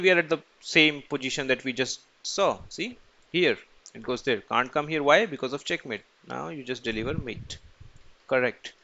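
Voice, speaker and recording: A man's voice: medium pitch, bright, forceful tone, muffled recording. A man teaching chess in a casual screen-recorded tutorial, asking and answering his own questions as he goes.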